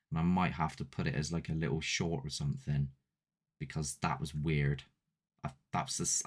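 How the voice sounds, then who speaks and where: Deep-voiced man chatting casually on a live stream. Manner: chatty, rambling, self-deprecating. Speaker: host of a paranormal channel. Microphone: desk mic with ring light.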